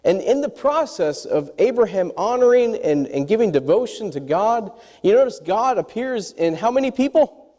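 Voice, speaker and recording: Man preaching, high lively voice, mellow tone, long hall reverb. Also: moderate pace. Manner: animated, asks the congregation questions. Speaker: pastor. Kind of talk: sermon.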